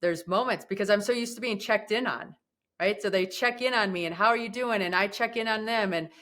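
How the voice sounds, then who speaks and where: A woman hosting a podcast, chatty and expressive, with a bright, forward voice. She asks questions in a casual, open way and laughs easily. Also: medium pitch, brisk. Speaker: podcast host. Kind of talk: casual interview talk.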